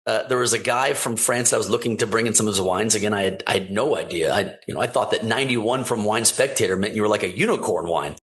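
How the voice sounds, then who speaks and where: A man's voice: on the low side, fast, few pauses. A man guest on a podcast, a wine importer and company founder, telling anecdotes in casual chat and acting out what people said. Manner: animated anecdote-telling, acting out quoted dialogue. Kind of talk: casual storytelling interview.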